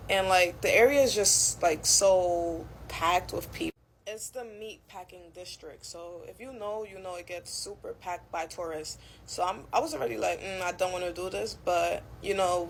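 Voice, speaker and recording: A woman's voice: on the low side, slight background noise, rough recording. Chatty young woman telling a story. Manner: chatty, many fillers like "like" and "you know". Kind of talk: casual storytime.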